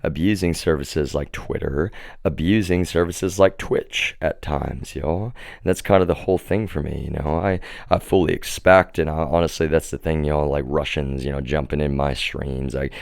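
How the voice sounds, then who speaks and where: A man's voice: extremely low pitch, steady tone, moderate pace, vocal fry, darkish tone, no room sound, studio quality. A man livestreaming an angry, profane monologue and calling his viewers "y'all". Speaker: livestream host. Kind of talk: live stream monologue.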